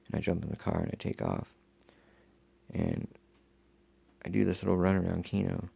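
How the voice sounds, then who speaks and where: A man telling a long personal story in a rambling, profane, casual way, full of fillers, with a gravelly, husky voice. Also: deep voice, sing-song, normal speed, long pauses, warm tone, no echo. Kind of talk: casual first-person account.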